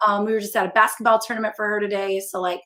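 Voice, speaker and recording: A woman's voice: mid-range voice, level tone, rapid-fire, sharp tone. A woman in her forties from the American Midwest, an author chatting candidly and self-deprecatingly with lots of fillers. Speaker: author guest. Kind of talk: casual interview chat.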